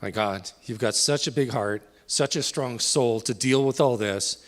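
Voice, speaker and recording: A man's voice: mid-range voice, unhurried. A man organizing a town hall, speaking earnestly to the audience and asking them questions. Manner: earnest, asks the crowd questions. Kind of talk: addressing the audience. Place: town hall meeting room. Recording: reverberant hall, faint crowd behind.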